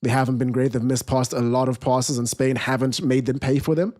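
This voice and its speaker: A young man hosting a live football watchalong, reading viewer chat aloud and giving casual commentary in a relaxed, rambling way. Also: mid-range voice, fairly quick. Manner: relaxed, rambling, restarts sentences.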